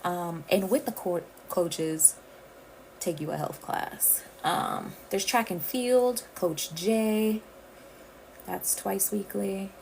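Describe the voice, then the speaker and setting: A woman's voice: medium pitch, slow pace, vocal fry, darkish tone, slight background noise, rough recording. A woman from the Caribbean, hosting a casual livestream and chatting directly with her viewers. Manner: chatty, addresses viewers as y'all. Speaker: livestream host.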